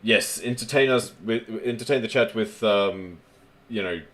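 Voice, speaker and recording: A man's voice: lowish voice, moderate pace, fairly bright tone. A man co-hosting a casual livestream, swearing freely and playing up his complaints for laughs. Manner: swears freely, mock-dramatic. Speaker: stream co-host.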